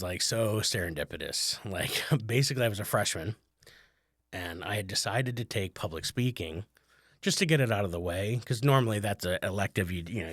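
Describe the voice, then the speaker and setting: A man's voice: sits low, fairly bright tone, no room sound, clean studio sound. A man hosting his own podcast, chatting in a rambling, casual way with lots of fillers. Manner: rambling, conversational, many fillers. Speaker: podcast host, comedian. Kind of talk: casual solo podcast talk.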